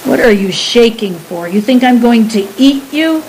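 A woman voicing a gruff, lonely giant man who talks bluntly and impatiently. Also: on the high side, lively intonation, normal speed, a little mellow, a little hiss or hum, pitched above the performer's own voice, close to an everyday voice, rough recording. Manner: brusque, exasperated questioning.

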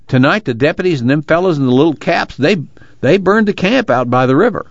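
A man reading aloud voices an eager young rural drifter with an excited drawl. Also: on the high side, a little fast, dry recording, highs cut off, voice pushed up. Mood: astonished. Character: young rough-spoken male drifter, eager.

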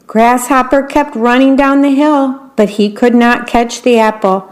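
A woman reads a children's bedtime story aloud for a radio audience, slow and gentle. She pauses to describe the pictures in a fairly high voice. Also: fairly even intonation. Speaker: volunteer radio reader.

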